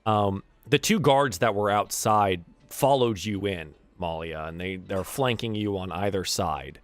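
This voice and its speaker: A man's voice: on the low side, measured pace, dry recording. Casual man running a tabletop game. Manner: casual, filler-heavy narration. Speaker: game master.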